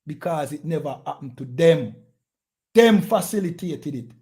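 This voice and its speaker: A man's voice: fairly high pitch, animated, moderate pace, darkish tone. A man with a Jamaican accent preaching in a heated, confrontational way, repeating his phrases for emphasis. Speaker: street preacher.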